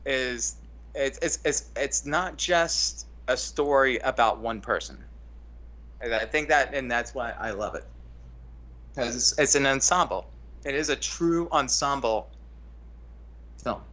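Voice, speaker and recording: Bright, rambling male co-host for a laid-back movie talk. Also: mid-range voice, measured pace, pauses often. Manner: rambling, restarts often. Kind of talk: casual film breakdown chat.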